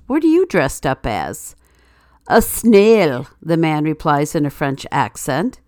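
With a fairly low voice and no echo, a female host reads aloud news items, quotes and a run of jokes, delivering them dryly and wryly.

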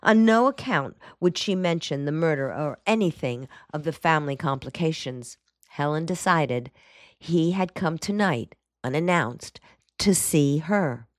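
An audiobook narrator with a low-pitched voice reads a novel aloud as scripted narration, keeping a measured, even storytelling manner. The studio recording is clean, with no room sound.

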